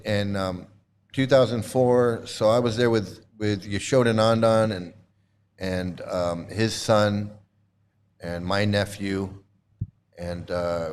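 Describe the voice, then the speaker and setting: A middle-aged man hosting a livestream, chatting casually while showing old photos, halting with many fillers and restarts and laughing often. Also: lowish voice, a little hiss or hum. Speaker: livestream host.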